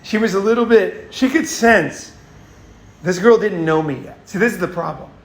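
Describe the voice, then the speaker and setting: A man's voice: high voice, normal speed, reverberant. A man hosting a casual advice monologue, blunt and profane, often restarting and repeating himself. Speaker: host.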